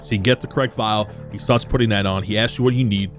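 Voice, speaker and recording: A man's voice: on the low side, fairly even intonation, fast talker, faint music behind. A man narrating a tabletop role-playing game as game master, loose and chatty with frequent fillers.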